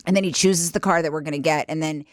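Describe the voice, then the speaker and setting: A woman's voice: low-pitched, steady tone, fast talker, no echo, clean studio sound. A middle-aged woman comedian in casual podcast chat, telling self-mocking stories and acting out her husband's lines. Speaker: stand-up comedian guest.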